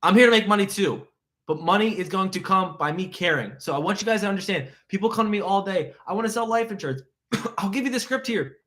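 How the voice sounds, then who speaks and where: A man coaching insurance sales on a live stream, talking fast and excitedly, piling up rhetorical questions and repeating points. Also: sits high. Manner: energetic, motivational, fast and excited.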